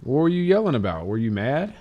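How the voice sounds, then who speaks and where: A young man on a relaxed phone call, his voice sitting at an ordinary middle pitch. He teases with a loose, playful ease and turns soft and patient with a child. A faint hiss runs under the recording. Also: fast. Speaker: streamer and father. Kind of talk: casual phone chat.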